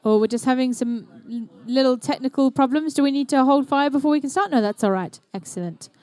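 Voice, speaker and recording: A woman's voice: high-pitched, fairly quick, darkish tone, no room sound. A young woman doing live, playful, chatty commentary at an indoor competition. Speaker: event commentator.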